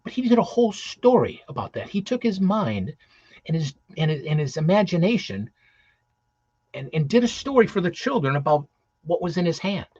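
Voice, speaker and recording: Male Santa performer, chatty and rambling, voice a touch high, dull dry lo-fi sound. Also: very animated, normal speed, mellow, husky, no echo. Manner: rambling, many restarts and fillers. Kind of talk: casual motivational talk.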